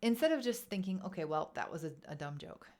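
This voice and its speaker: A woman casually telling a personal story to camera in a vlog, chatty and animated, acting out quoted thoughts. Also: on the low side, quick pace. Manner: chatty, animated, acts out quoted inner voices. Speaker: wellness vlogger.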